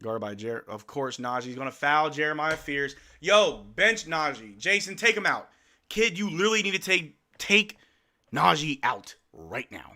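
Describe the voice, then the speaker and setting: A man hosting a live game watch-along, calling the plays in casual slang and shouting at the players. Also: on the high side, moderate pace. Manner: animated, slangy, yells at players. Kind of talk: excited play-by-play fan commentary.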